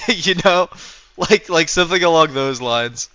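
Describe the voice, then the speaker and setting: Bright, rambling male streamer. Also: fairly high pitch, lively intonation, a little slow, clear, resonant tone, dry recording, muffled recording. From North America. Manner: rambling, full of fillers and restarts, chuckling often. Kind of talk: casual livestream chat.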